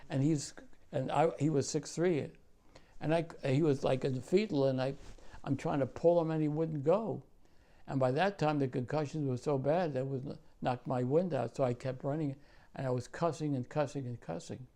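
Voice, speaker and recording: A man in his nineties, a war veteran, telling his story in an oral history interview, profane and halting with many restarts. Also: on the high side, gravelly, mellow. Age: 90s.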